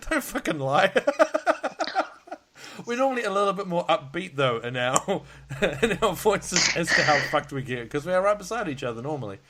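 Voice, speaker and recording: A man chats loosely as a podcast host, sounding worn out. He rambles, laughs often and swears without a second thought. His voice sits a little high for a man. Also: lively intonation, normal speed, a crowd in the background. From Australia. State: tired. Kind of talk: casual chat. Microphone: video call.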